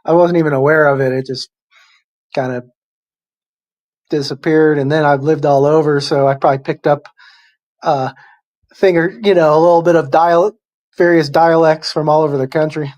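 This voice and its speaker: An older man from Chicago, a former athlete, answering interview questions in a relaxed, easygoing way with a general American accent. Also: fairly high pitch, moderate pace, long pauses, highs cut off. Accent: general American, lost his Chicago accent. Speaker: guest, former baseball player.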